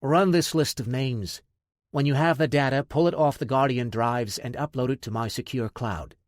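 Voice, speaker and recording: A man's voice: mid-range voice, moderate pace, dry recording, clean studio sound, lightly acted. A man voicing a cold male villain boss who gives curt, commanding orders.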